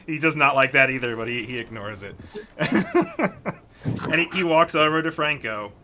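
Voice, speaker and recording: A man's voice: fairly high pitch, huge pitch swings, moderate pace, bright, forceful tone. A man narrating as game master of a tabletop game, laughing often and stumbling over restarts.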